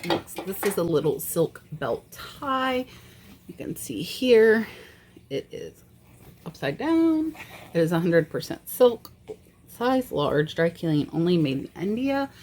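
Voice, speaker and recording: A woman's voice: fairly low pitch, big pitch swings, takes it slowly, darkish tone. A woman reseller chatting casually on her vlog, frank and easily exasperated. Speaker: eBay reseller.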